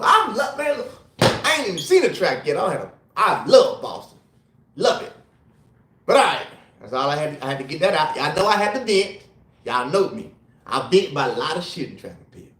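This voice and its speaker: A tipsy man hosting a casual livestream, ranting in an animated, rambling, profane way. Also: fairly high pitch, fairly quick, roomy sound. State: tipsy from drinking. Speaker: livestream host and former sprinter. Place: hotel room.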